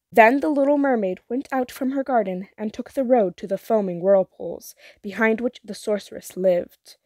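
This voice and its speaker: A woman narrating a fairytale in a measured, expressive way. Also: medium pitch, no room sound. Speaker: storyteller. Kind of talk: fairytale read-aloud.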